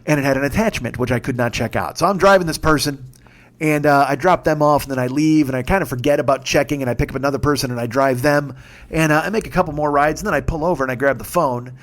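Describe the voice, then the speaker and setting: A man in his fifties telling a story in a casual monologue, profane and excitable, breaking into shouts. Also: mid-range voice, quick pace. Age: 50s. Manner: profane, excitable, shouts when reliving moments. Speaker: podcast host.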